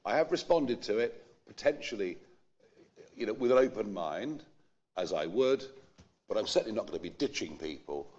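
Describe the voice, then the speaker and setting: A politician giving a measured statement, with hedging restarts. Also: male voice, on the low side, animated, darkish tone. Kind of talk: recorded public statement. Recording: dull lo-fi clip audio.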